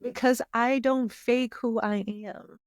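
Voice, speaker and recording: Expressive woman podcast guest, dry sound. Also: fairly high pitch, slow pace, clear, resonant tone, no echo. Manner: expressive, emotional, tears up while talking. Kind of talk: casual podcast conversation.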